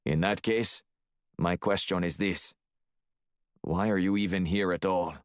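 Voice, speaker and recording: A hulking, menacing Russian heavy with a clipped Russian accent, a man doing the voice in an audiobook, taunting and cool, dark low tone, dry close sound. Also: fairly even intonation, unhurried, clear, resonant tone, dry recording. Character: Russian male arms dealer, hulking, menacing.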